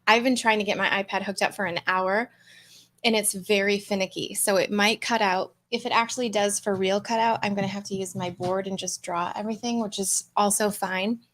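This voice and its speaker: Woman, livestream host, upbeat and chatty, welcoming viewers by name, mid-pitched voice. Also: brisk. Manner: relaxed, chewing mints between words. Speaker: host and coach running a live challenge. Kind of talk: casual livestream chat, greeting commenters. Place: home room with a fan, livestream.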